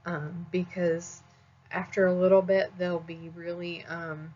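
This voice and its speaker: A woman with a somewhat low voice lectures nursing students in an easy, conversational way. She fills her pauses with "um" and keeps asking "all right?" The recording sounds dull and lo-fi. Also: breathy edge. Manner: conversational, frequent "um" and "all right?" check-ins. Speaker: nursing instructor.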